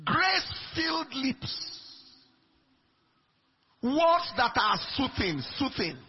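A man preaching a sermon in an emphatic way, swinging between soft lines and shouted ones. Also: very high-pitched, very animated, slow. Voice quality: raspy, gravelly. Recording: dull lo-fi recording.

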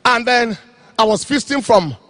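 A man preaching an impassioned sermon, telling a story and shouting out phrases. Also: extremely high pitch, animated, normal speed, no room sound.

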